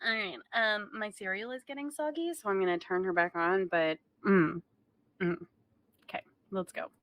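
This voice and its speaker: A woman's voice: mid-range voice, moderate pace, fairly bright tone, no room sound. A woman hosting a casual commentary video, talking in a chatty, wry way with many fillers. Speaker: commentary channel host.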